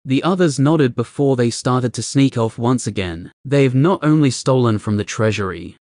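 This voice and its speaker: A man's voice: mid-range voice, animated, normal speed, darkish tone, no echo. Man narrating a fantasy audiobook, dry sound. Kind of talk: scripted narration.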